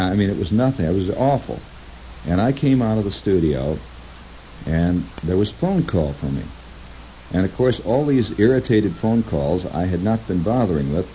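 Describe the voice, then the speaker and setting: Male radio talker, deep mellow voice, meandering monologue, dull lo-fi sound with light hiss. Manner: digressive, halting, with restarts and acted-out quotes. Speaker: radio broadcaster. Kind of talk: rambling storytelling monologue. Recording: lo-fi recording with faint hiss.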